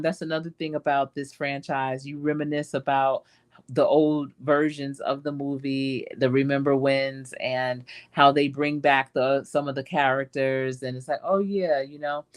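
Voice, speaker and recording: A woman's voice: very deep voice, level tone, measured pace. A woman hosting a casual live stream, talking in a chatty, reflective and encouraging way and acting out quoted asides. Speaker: host.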